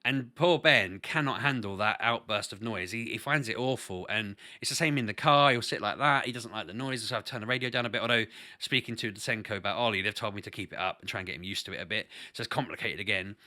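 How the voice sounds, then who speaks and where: A man's voice: on the low side, fast, sharp tone. A man talking casually to camera as a parent vlogger, earnest and rambling, often restarting his sentences.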